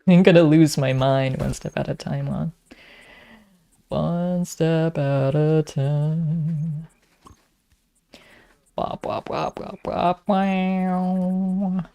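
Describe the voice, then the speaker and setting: Woman streaming a game, low gravelly voice, mutters to herself. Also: fairly even intonation, very slow, long pauses, warm tone. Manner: talks to herself, frustrated muttering and whispering. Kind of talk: casual gameplay commentary.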